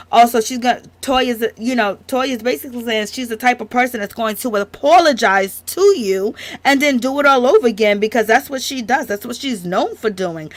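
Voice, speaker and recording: A woman's voice: fairly high pitch, dry recording. A woman giving casual, sassy, slangy commentary on a reality show, laughing often.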